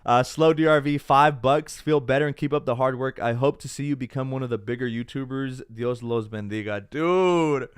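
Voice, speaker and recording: A man's voice: mid-range voice, moderate pace, few pauses, smooth, no echo. Young male live-stream host, unwell but upbeat, casual chat, dry close sound. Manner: chatty, upbeat, mixes in Spanish. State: feeling unwell. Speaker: tech YouTuber hosting a live stream.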